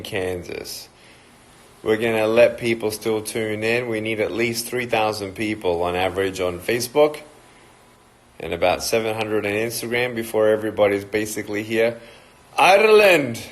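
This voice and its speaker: Man, mixed hard-to-place accent, slightly low voice, upbeat live-stream host greeting viewers. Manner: slow, upbeat, reads out viewer comments and places. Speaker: motivational speaker hosting a live stream. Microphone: phone or webcam live stream.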